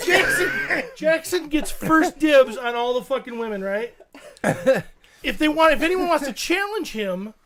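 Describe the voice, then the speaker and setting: High-voiced man telling a profane story. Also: unhurried. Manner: animated, profane storytelling, often laughing. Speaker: podcast co-host. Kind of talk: casual chat.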